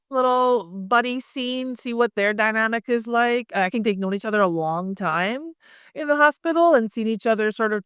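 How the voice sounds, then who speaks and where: A woman's voice: mid-range voice, fairly bright tone, smooth, no room sound, studio quality. A woman from Hawaii, an actress, chatting casually in an interview with lots of "like" and "um". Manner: friendly, chatty, many fillers like "like" and "um".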